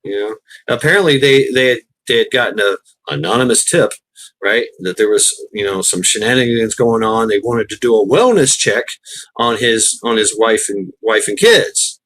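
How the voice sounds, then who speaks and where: A man's voice: fairly low pitch, lively intonation, moderate pace, a bit bright. A man hosting a casual livestream chat, rambling and swearing freely, often laughing as he talks. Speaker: livestream host.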